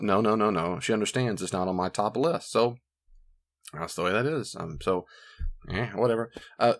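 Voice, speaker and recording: A man with a fairly low voice gives marriage advice in a relaxed teaching talk. He is animated and slips into the voices of the people he quotes. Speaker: marriage counselor.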